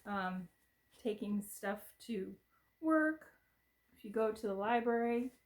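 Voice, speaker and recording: A woman's voice: mid-range voice, animated, slow. Chatty homey woman vlogger. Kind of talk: casual chat.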